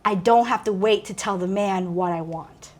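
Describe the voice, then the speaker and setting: A woman in her forties speaks in a mid-range voice on a podcast. She talks earnestly, shifts into a preachy tone and stays animated. Her words are full of faith. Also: mid-range voice, moderate pace. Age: 40s. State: teary, emotional. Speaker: guest author. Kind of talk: faith-filled interview talk.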